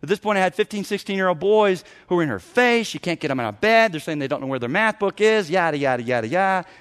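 Brief: middle-aged man, pastor mid-sermon, voice a touch high, lively and dramatic, acts out quotes with loud outbursts. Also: fast, smooth. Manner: animated preaching, acting out people's voices with sudden loud bursts.

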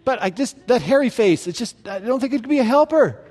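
A man's voice: very high voice, expressive, fairly quick, a little mellow, voice pushed up. A man playfully voicing God as He parades the animals before Adam, bouncing through each one with exaggerated delight.

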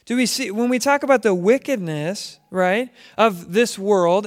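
A man teaching a Bible lesson as a conversational sermon, asking his listeners questions as he goes. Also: high voice. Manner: conversational, asks the audience questions. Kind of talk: sermon to a congregation.

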